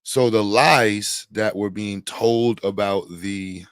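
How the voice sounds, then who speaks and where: Low-voiced joking livestream host. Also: male voice, steady tone, takes it slowly, clear, resonant tone, no room sound. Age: middle-aged. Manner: joking, rambling, loud bursts and laughs. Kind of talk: casual livestream commentary.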